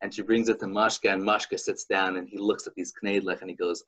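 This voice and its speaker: A man hosting a podcast, chatting casually and telling a folk story in an animated, halting way. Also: on the low side. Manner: animated, halting, with many restarts. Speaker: podcast host.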